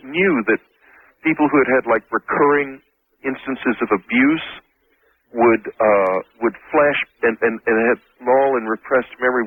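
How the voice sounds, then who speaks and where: Husky-voiced man on a tinny phone line. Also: medium pitch, no room sound. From Texas, US. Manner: earnest, halting storytelling with many restarts. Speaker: guest author. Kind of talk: phone-in radio interview.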